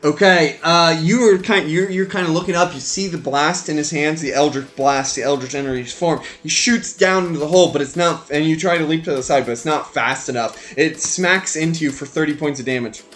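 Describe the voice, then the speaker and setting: A man narrating as game master in a tabletop game, animated and stumbling over his words. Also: a little high, fairly quick, hardly any pauses, soft background music. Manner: animated narration with many fillers and restarts.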